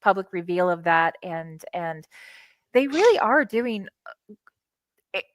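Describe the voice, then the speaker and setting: A woman's voice: on the low side, slow pace, no room sound. Chatty American woman hosting a podcast. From United States. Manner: chatty, excitable, stumbling restarts. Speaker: podcast host. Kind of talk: casual interview chat. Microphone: video call with green screen.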